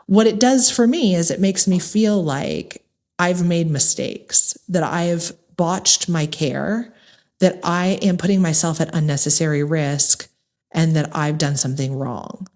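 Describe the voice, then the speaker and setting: Woman, middle-aged, American accent, low voice, podcast host, candid, earnest, direct address. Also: measured pace, darkish tone. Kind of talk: personal monologue to listeners.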